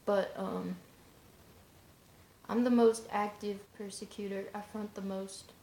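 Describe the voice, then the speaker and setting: A woman's voice: medium pitch, steady tone, takes it slowly, warm tone. A woman talking in a casual vlog monologue, rambling and offhand, in loose run-on asides. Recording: roomy echoey room.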